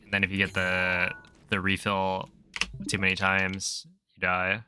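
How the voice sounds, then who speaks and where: Male streamer, deep voice, slow unhurried talk, bantering with chat, keyboard clicks behind. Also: completely flat delivery, noisy background. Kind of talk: casual chat while gaming.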